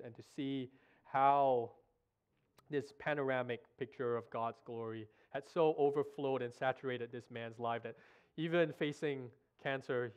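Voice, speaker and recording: Earnest man preaching, halting and emotional. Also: mid-range voice, a little mellow, clean tone. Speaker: guest preacher. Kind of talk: sermon. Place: church sanctuary.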